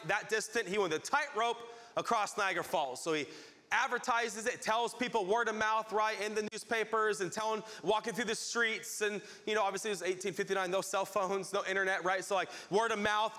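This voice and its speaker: A man preaching a sermon as pastor, telling a story with lively acted-out crowd voices. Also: sits high, fairly quick, in a large hall.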